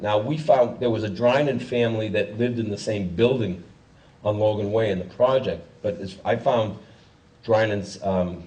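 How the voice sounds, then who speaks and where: Man, lowish voice, rambling wry storyteller, heard from a distance. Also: mellow. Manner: rambling, self-correcting, wry humor. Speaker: journalist guest speaker. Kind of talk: casual storytelling talk.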